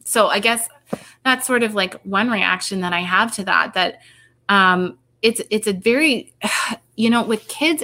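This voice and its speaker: A woman's voice: mid-range voice, pushed and bright. A middle-aged woman, a researcher, talking in a rambling, casual way, full of fillers and restarts. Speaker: researcher and podcast guest. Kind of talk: casual conversation.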